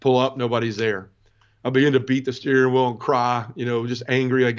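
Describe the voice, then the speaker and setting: A man's voice: mid-range voice, little pitch movement, fairly quick, smooth, dull audio. Earnest middle-aged man telling his story. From Southern United States. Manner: earnest, emotional storytelling with many restarts. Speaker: interview guest. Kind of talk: personal testimony storytelling.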